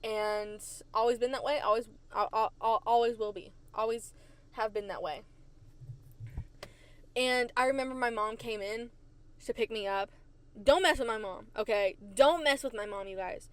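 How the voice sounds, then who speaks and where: A woman hosting a podcast, telling stories from her childhood in a chatty, animated way and repeating phrases for emphasis. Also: fairly high pitch, moderate pace, smooth. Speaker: podcast host. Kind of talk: casual storytelling. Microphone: desk microphone.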